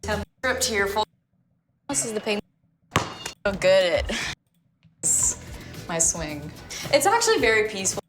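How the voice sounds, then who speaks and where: Sing-song and a little slow, with long pauses, a young woman's medium-pitched voice guides a casual nighttime video tour of her home. She's a singer, chatting playfully and giggling a lot over background music.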